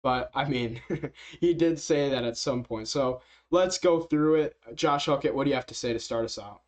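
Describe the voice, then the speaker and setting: A man's voice: medium pitch, moderate pace, darkish tone. A man casually commenting as a reaction video host, rambling with many fillers and frequent chuckles. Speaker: MMA reaction youtuber.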